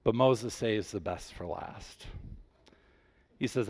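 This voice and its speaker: A man preaching a sermon, rising with emphasis and dropping low and soft when he voices God's words. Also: takes it slowly. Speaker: pastor.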